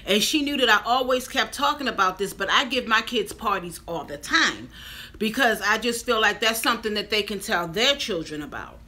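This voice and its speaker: Bright-voiced chatty woman in her fifties. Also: mid-range voice, lively intonation, normal speed. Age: 50s. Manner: chatty, addresses viewers directly. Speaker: vlogger. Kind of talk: casual storytelling vlog.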